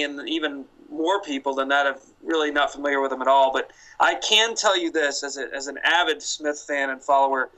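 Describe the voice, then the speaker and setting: A man co-hosting a podcast talks in a slightly raised voice with an eager, gushing fan's manner. His tone is bright and forward, and he keeps the feel of casual chat. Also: a little high, low-quality recording. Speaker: podcast co-host.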